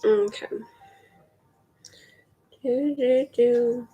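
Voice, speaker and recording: A woman's voice: a little high, flat delivery, extremely slow, warm tone, dull audio. Southern lady from mississippi rambling on her beading stream, offhand, cusses a bit. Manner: rambling, offhand, swears casually. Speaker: livestream host. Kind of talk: casual chat while beading.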